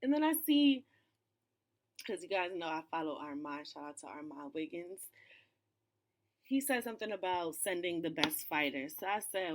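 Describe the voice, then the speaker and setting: A woman hosts her own commentary channel, talking off camera in a relaxed, slangy way. Her voice sits a little low. She drifts between fillers and quick asides, like she is chatting with regular viewers. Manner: chatty, loose, slangy, with frequent "you know" and "um". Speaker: host, cultural commentator. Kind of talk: casual pop-culture commentary. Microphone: off camera, voice-over.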